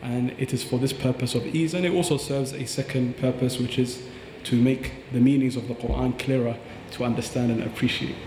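A man's voice: medium pitch, steady tone, fairly quick, hardly any pauses, echoey room, big-room sound, background noise. A man teaching about Quran recitation on a podcast, earnest and explanatory, demonstrating pronunciations aloud.

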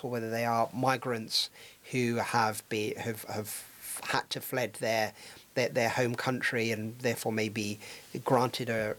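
A man's voice: medium pitch, a bit bright. A man hosting a casual discussion, talking with many ums and restarts. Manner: hesitant, many fillers and restarts.

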